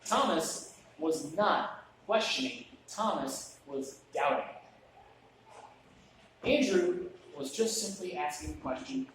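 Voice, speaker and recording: A man's voice: a little high, expressive, takes it slowly, long pauses, fairly bright tone, slight background noise. A man giving a conversational sermon in a church, chatty, with joking asides and restarts. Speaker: preacher. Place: church sanctuary. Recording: very echoey church room, mic at a distance.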